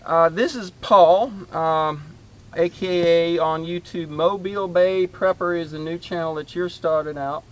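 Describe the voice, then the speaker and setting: A man's voice: a little high, steady tone. A man hosting his homestead channel, chatting casually outdoors in his garden and rambling with lots of fillers. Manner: rambling, halting with many fillers.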